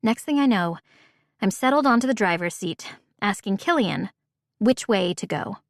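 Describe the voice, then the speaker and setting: A woman's voice: medium pitch, animated, normal speed, dry recording, studio quality. Woman narrating a first-person audiobook.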